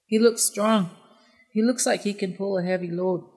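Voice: medium pitch, steady tone, moderate pace, darkish tone, natural voice. A narrator voicing a proud, impatient male warrior in a storybook reading, speaking insistently. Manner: insistent, bargaining.

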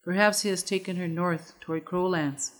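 A woman reading as a fiery, loyal warrior from a storybook, hoarse and urgent in manner. Her voice is lowish in pitch and pushes forward with feeling. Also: steady tone, normal speed, lightly acted. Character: hot-tempered loyal warrior friend, adult man.

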